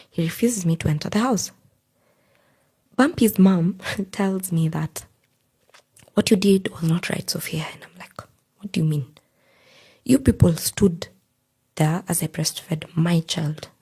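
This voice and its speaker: A young woman telling her own story on a podcast, acting out the lines of the people in it as she goes. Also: lowish voice. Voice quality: very husky, breathy. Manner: animated retelling, acting out quoted lines. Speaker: podcast guest. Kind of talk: personal storytelling.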